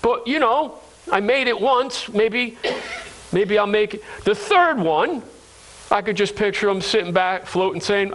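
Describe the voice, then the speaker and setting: A man's voice: sits high, animated, measured pace, fairly bright tone, slight background noise, low-quality recording. A male pastor preaching a sermon to his congregation, earnest and repeating phrases for emphasis, calling listeners friends.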